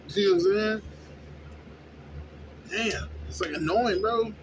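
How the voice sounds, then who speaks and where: A young man who works at a fast-food place, venting in a casual, profane, rambling way and often asking "you know what I'm saying?". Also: high-pitched. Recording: noisy background with vehicle sounds.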